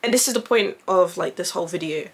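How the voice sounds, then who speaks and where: Chatty young woman, animated storyteller. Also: lowish voice, fast, breathy edge. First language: French. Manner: animated, swears freely, acts out quoted voices. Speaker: vlogger. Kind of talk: casual storytelling ramble.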